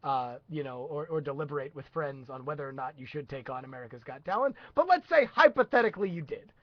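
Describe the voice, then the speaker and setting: A man's voice: a little high, animated, quick pace, no echo. A man hosting a casual live-stream chat, rambling with many restarts and hesitations. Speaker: host. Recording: dull lo-fi sound.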